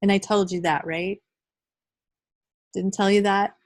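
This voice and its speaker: A woman's voice: medium pitch, steady tone, measured pace, poor audio. A middle-aged woman leading a live training workshop, talking conversationally and addressing the group directly.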